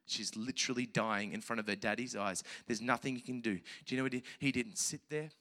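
Bright-voiced male pastor preaching. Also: medium pitch, fast. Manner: animated preacher, big swings from hushed to loud. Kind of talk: sermon. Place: church service with children present.

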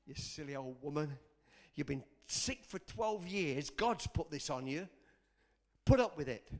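A man's voice: a little high, lively intonation, measured pace, voice pushed down. A man voicing the devil, who taunts and belittles a sick woman in a sermon. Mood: taunting. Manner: mocking, belittling. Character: taunting male devil, scornful and discouraging.

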